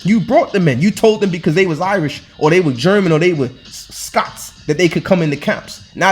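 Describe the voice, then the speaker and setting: A man preaching informally over scripture, hectoring and repeating himself with rhetorical questions and colloquial restarts. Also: high-pitched. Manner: loose, colloquial delivery with frequent restarts. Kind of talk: informal scripture-reading sermon.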